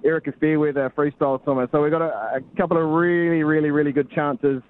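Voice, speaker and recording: A man calling in from abroad as a sports reporter, chatting casually and rambling a bit, with a deadpan touch. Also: a little high, quick pace. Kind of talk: casual phone-in chat. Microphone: phone. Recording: lo-fi phone line.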